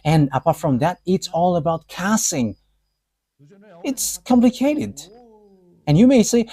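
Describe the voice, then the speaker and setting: Halting, animated preacher man. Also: high-pitched, breathy edge. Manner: halting, in short broken phrases. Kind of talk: live sermon.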